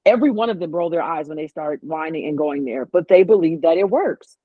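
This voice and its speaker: A woman's voice: sits low, fairly quick, no room sound. A woman guest in a casual chat, talking animatedly and acting out what others said. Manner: animated, acts out quotes. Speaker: podcast guest. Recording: tinny phone-like line, dry.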